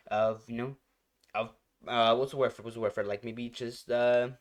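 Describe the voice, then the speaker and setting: A man hosting a reaction channel, rambling casually, repeating phrases and searching for words as he reviews a song. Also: medium pitch. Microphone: headphones.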